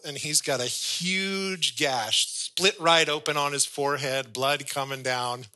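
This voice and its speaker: Male pastor, sermon delivery, storyteller who acts out dialogue, bright and forceful voice. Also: a little high, measured pace, poor audio.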